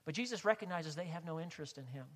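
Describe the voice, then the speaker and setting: A man's voice: fairly high pitch, lively intonation, fast. Preaching man in a reverberant church. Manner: impassioned preaching, swings from loud emphasis to hushed quiet. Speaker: pastor. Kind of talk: sermon.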